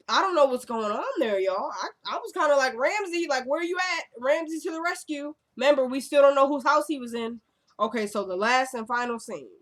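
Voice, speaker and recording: Young woman, casual recap chat, animated retelling, acts out lines, slightly high voice. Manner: uses fillers like "like" and "y'all". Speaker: vlogger recapping a TV episode.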